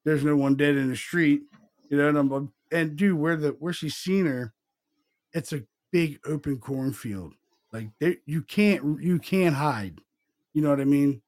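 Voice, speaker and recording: A man's voice: fairly high pitch, measured pace, darkish tone. Casual profane storytelling man. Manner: rambling, profane, retells dialogue in quotes. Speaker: podcast co-host.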